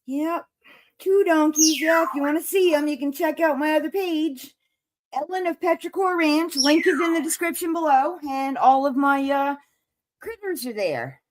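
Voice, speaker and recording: A woman's voice: high voice, moderate pace. A woman hosting a casual livestream as a tarot reader, out of breath and chatting with viewers. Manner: chatty, reads viewer messages aloud.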